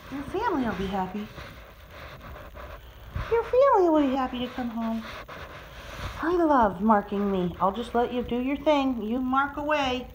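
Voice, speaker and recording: A woman pet sitter coos at a cat in a client's home, her voice pitched a little high and swooping all over. She talks slowly and stretches her words into sing-song baby talk. She films the visit on a handheld phone. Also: a little hiss or hum, rough recording. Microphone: handheld phone camera.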